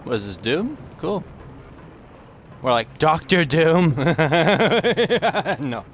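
A man's voice: a little high, big pitch swings, extremely slow, slight background noise. A young man hosting a casual let's-play, cracking jokes to himself and swearing as he plays. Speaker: gaming channel host.

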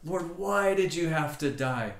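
Devoted emotional young woman, as a preacher acts her out, high pleading outcries, raised voice, roomy church echo. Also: expressive, a little slow, gravelly. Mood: anguished.

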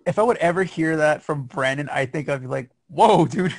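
Young male musician guest, laid-back, gravelly and dry-sounding. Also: fairly high pitch, normal speed, no room sound. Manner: laid-back, laughing often. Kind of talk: casual podcast chat. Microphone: online call.

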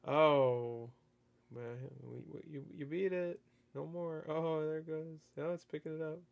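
A man's voice: fairly high pitch, steady tone, unhurried, vocal fry, clean tone, lo-fi sound. A man hosting a meme reaction video, laughing and swearing as he rambles loosely through clips. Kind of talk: casual reaction commentary.

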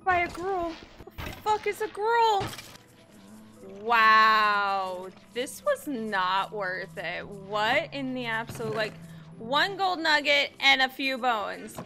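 A young woman commenting on her gameplay in a casual, chatty way, swearing freely and often breaking into shrieks. Her voice sits high and bright. She talks at an unhurried pace over faint background music. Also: lively intonation. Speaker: gaming host.

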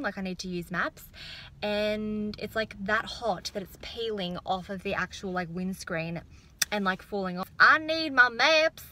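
A young Australian woman in her twenties vlogging casually about her day, chatty and excitable with lots of filler words. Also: medium pitch. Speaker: beauty vlogger. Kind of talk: casual vlog chat. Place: in a car, then indoors at home.

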